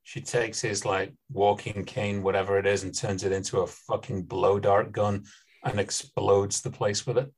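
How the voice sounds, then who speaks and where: A man's voice: on the low side, flat delivery, normal speed, husky, poor audio. A man guest in casual podcast chat, laid-back and wry. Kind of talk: casual movie-riffing chat.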